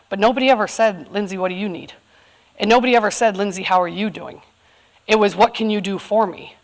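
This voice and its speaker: Woman from california in her 30s, talking open and earnest to a crowd, lots of ums. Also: medium pitch. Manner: candid, earnest, many fillers. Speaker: community event speaker. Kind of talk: personal talk to a live audience.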